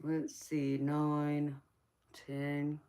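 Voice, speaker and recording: A woman's voice: sits low, completely flat delivery, very slow, dark tone. A woman with a Southern US accent, a tarot reader hosting a casual livestream chat, teasing viewers and calling them baby.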